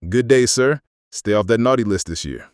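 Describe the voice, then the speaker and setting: A man's voice: medium pitch, lively intonation, normal speed, no room sound, studio quality, natural voice. A computer voice of a man playing a smug, dismissive federal agent who lectures dryly. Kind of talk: synthetic storytelling narration.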